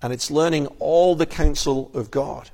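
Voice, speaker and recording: A male pastor delivering a sermon from the pulpit. His voice sits a little above the usual male pitch. He speaks earnestly and often repeats a word as he begins a new phrase. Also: moderate pace, gravelly, mellow. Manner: earnest, repeats words when starting a phrase.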